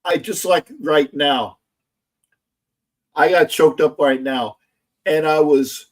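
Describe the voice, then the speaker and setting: A man hosting a casual sports livestream, loud, gloating and profane, repeating himself often. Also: on the high side, slow, long pauses. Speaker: livestream host.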